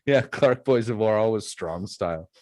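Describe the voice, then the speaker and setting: A Canadian podcast host chats casually, spinning laid-back stories packed with fillers. His voice is fairly low and darkish, with lively intonation, a moderate pace, and no echo in the recording.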